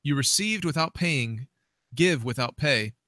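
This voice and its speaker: A man's voice: medium pitch, lively intonation, a little slow, bright, forceful tone, no room sound. Man hosting and reading scripture aloud. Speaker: host.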